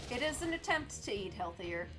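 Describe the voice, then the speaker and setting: A woman in her twenties streaming a game, chatting casually, laughing often and answering chat. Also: fairly high pitch.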